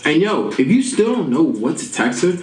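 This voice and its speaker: A man giving dating advice to the camera in a playful, animated way, tagging "okay?" and "right?" onto his points. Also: a little high, moderate pace, reverberant, faint music behind, rough recording. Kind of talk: instructional talk to camera.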